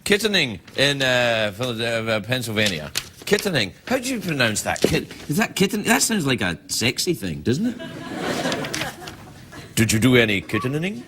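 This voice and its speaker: A man's voice: mid-range voice, big pitch swings, normal speed, heavy background noise. A male late-night host rambling through jokes and viewer emails, often slipping into comic voices. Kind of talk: late-night comedy monologue. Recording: studio with loud audience.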